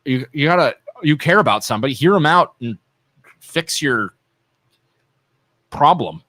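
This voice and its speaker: A man with an Ohio accent and a slightly high, pushed, bright voice speaks animatedly and a little slowly in a dry recording. Described as a podcast co-host, he's bantering on a local live radio-style talk show, goofy and teasing, needling his partner and talking over him.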